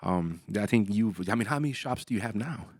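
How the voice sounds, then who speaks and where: A man hosting a casual podcast interview, talking in a rambling, halting way with many restarts. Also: on the low side, animated, darkish tone, no echo, clean studio sound. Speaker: podcast host.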